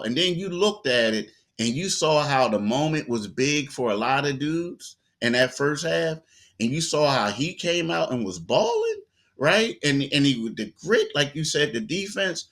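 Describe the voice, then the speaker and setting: A man talks through a basketball game in a loose, conversational way. His voice is bright and forward, with repeated words and acted-out quotes as he tells the story. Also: mid-range voice, expressive, moderate pace. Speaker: sports reporter guest. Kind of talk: casual sports talk.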